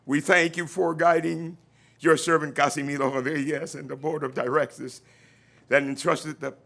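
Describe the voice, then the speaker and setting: A man's voice: on the high side, flat delivery, moderate pace, creaky. Fervent man leading an outdoor prayer. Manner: fervent, rising to near-shouts, leads crowd responses. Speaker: pastor giving an invocation. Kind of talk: prayer and call-and-response. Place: outdoor groundbreaking event.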